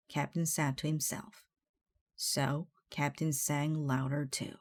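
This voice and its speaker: A woman reading a children's picture book aloud, slowly and carefully. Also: deep voice, flat delivery. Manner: slow, careful read-aloud. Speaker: storybook reader.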